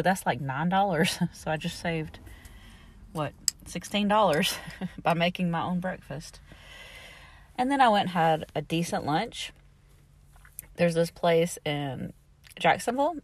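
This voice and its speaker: Middle-aged woman, podcast host, exasperated casual storytelling, slightly low pitch, dry close recording. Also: dry recording. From Southern United States. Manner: chatty and exasperated, laughs between remarks.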